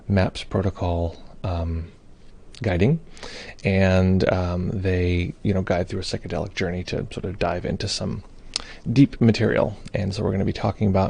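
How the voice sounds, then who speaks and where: Low-pitched and creaky, his dark voice carries a breathy edge. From a home or studio in Brooklyn, he hosts a meditation live stream, chatting loosely, welcoming viewers, reading comments aloud and leaning heavily on fillers.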